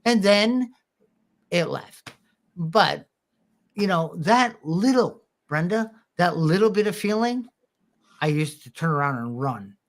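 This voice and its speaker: A man co-hosting a podcast who tells personal stories in a lively, self-mocking way and clears his throat now and then. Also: high voice, takes it slowly, pauses often. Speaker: podcast co-host. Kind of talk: candid podcast conversation.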